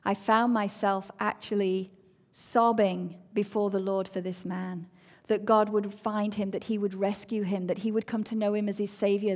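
Woman telling her faith story, earnest and emotional, goes soft and hushed sometimes. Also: medium pitch. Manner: earnest, emotional, drops to soft near-whispers. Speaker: speaker sharing a personal testimony. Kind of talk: personal faith testimony.

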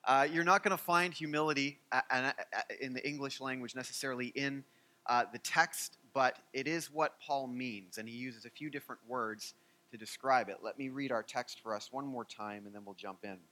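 A man preaching a sermon as pastor, animated and joking, with many fillers. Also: mid-range voice, moderate pace.

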